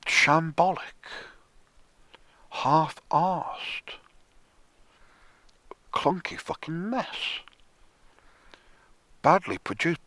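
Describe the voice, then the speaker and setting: A man rants in a slow, sardonic drawl, his husky voice sitting fairly high and swinging widely in pitch. He swears freely and keeps slipping into a whisper, recorded close and dry. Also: sharp tone, no room sound. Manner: sardonic, profane, slow and drawn out, often dropping to a whisper. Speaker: music commentator. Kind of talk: ranting monologue.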